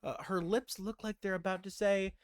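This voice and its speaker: A man narrating and running a tabletop role-playing game as game master, lively and animated with sudden loud bursts. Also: high-pitched, normal speed, smooth, no room sound, studio quality.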